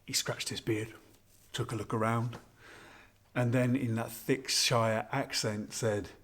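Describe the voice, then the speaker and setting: A man's voice: mid-range voice, fairly even intonation, slow pace, fairly bright tone, a little hiss or hum. An actor performing a scripted monologue as a husband who fondly and ruefully reminisces while toasting his wife on their anniversary. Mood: wistful. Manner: intimate, confiding, rambling reminiscence. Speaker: narrator of a spoken monologue.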